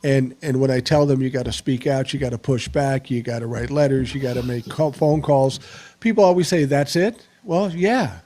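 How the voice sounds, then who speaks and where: Host, older man, mellow low tone, plain-spoken, swears, casual live show. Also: normal speed. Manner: blunt, profane, plain-spoken. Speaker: podcast host. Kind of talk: casual live podcast talk.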